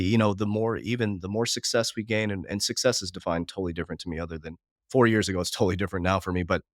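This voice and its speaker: Fast-talking heartfelt man, lowish voice. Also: no room sound, clean studio sound. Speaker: business coach, guest. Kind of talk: emotional podcast conversation.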